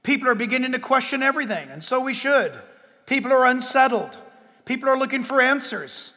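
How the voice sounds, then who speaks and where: A male pastor delivers an emphatic sermon with a very high voice. He stretches out key words with dramatic pauses. His voice rings with the long reverb of a large church hall. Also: lively intonation, pushed and bright.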